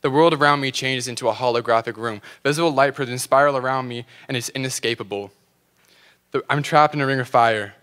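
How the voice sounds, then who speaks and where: A man's voice: medium pitch, a little fast, fairly bright tone. A teenage boy reciting a dreamy spoken word poem with earnest delivery and small stumbles. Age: teens. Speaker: student slam poet.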